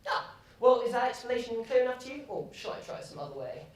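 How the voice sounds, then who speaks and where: A woman plays a vain, whiny male god, high-pitched and swinging wildly between squeals and mutters. The voice is heard from far off in an echoey hall, with faint noise behind. It is student stage acting. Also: big pitch swings, quick pace. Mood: longing. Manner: indignant, theatrical. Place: theatre stage.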